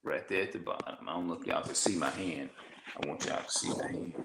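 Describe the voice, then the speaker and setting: A man giving informal religious teaching, halting and repeating himself as he reads from notes. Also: deep voice, vocal fry, echoey room, noisy background.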